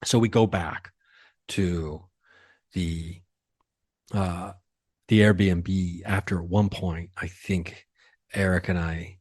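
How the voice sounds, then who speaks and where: A man with a low-pitched voice tells a story in a loose, casual way. He gets excited and talks in quick bursts. The sound is dry and close, with no room echo. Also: husky. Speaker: podcast host and comedian.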